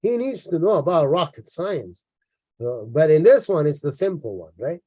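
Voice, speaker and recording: A man's voice: fairly high pitch, big pitch swings, moderate pace, mellow, husky, no echo. A tired man giving mocking, sarcastic commentary in a lecture style while reading from a book. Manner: mocking and sarcastic, with frequent repeats and asides.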